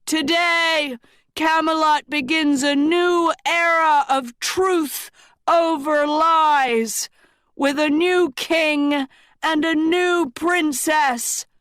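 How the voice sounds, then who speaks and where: A woman's voice: sits high, steady tone, extremely slow, fairly bright tone, no echo, clean studio sound, pitched above the performer's own voice, exaggerated voice. A woman reading a storybook, voicing a young male usurper king who proclaims grandly to a crowd. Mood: triumphant.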